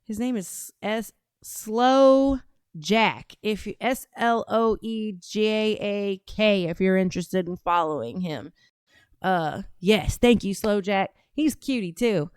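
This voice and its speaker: A woman's voice: mid-range voice, slow pace, darkish tone, smooth, no echo, clean studio sound. A woman hosting a casual livestream, reading out chat and talking in a brash, profane, drawling way.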